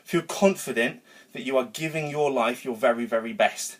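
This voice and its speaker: A man giving an energetic, rambling motivational talk to camera in his home garage gym, worked up after a workout and swearing casually. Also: mid-range voice, moderate pace. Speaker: vlogger.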